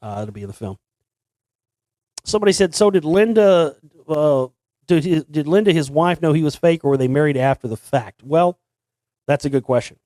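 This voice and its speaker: A man with a slightly high voice talks on and on in a loose monologue, stumbling over restarts and doubling back on his words. The sound is dry and close, with no room around it. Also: animated, normal speed, pauses often, darkish tone, dry recording. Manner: rambling, many restarts, sings snippets. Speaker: host. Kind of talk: casual monologue.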